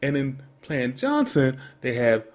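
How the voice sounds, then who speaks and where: A man's voice: mid-range voice, sing-song, a little slow. Man, podcast co-host, sarcastic, incredulous, casual commentary. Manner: mocking, incredulous, jokey. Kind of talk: casual sports commentary rant.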